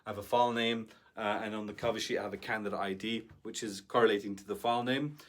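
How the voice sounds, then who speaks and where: A man's voice: fairly low pitch, steady tone, fast talker, fairly bright tone. A man giving an instructional talk as a business coach, speaking conversationally and often checking in with the listener. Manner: conversational, keeps checking in with "right?".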